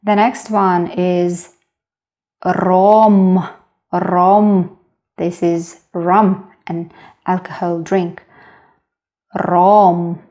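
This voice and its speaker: Slow, patient Russian-accented woman teacher. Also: on the low side, little pitch movement, dark tone. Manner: slow, patient, repeats each sound. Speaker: language teacher. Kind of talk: slow beginner lesson.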